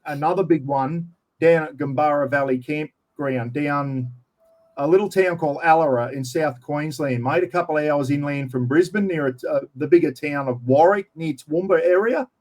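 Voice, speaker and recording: A man's voice: fairly high pitch, moderate pace, darkish tone. An Australian man chatting casually as an interview guest, telling long rambling stories and saying "mate" all the time. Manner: rambling storyteller, says "mate" constantly.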